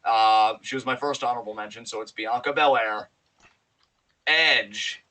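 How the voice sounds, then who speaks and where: A man co-hosting a podcast in casual chat, excited and animated, swearing freely as he talks. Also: mid-range voice, a little slow, poor audio. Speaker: podcast co-host.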